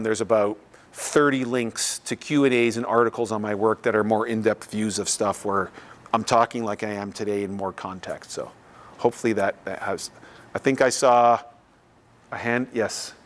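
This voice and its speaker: A man from Canada, giving a casual, conversational lecture and taking questions in a lecture room. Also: medium pitch. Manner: conversational, loose, acts out others' voices. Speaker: visiting artist giving a lecture.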